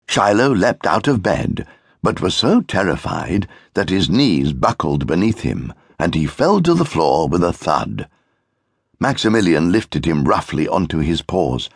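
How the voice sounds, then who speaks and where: A man narrating a children's audiobook in an expressive storytelling manner. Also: deep voice, unhurried, husky, no echo, studio quality. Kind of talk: scripted narration of a children's book.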